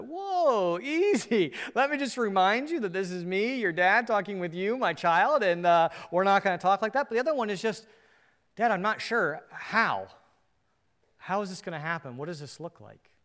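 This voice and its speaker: A man preaching a sermon as pastor, shifting between animated, emphatic lines and hushed, earnest ones. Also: fairly high pitch, smooth, big-room sound.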